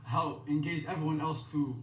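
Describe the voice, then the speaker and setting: A man speaking as a daycare spokesperson, giving an earnest prepared statement in measured, halting phrases. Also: fairly high pitch, steady tone. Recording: roomy echo, distant mic, faint background hum.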